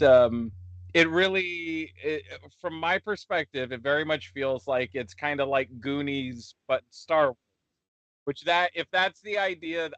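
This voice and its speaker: Man, rambling profane rant, lots of restarts, high-pitched, bright tone. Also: dry recording, lo-fi sound. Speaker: podcast co-host reviewing shows. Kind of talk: casual chat.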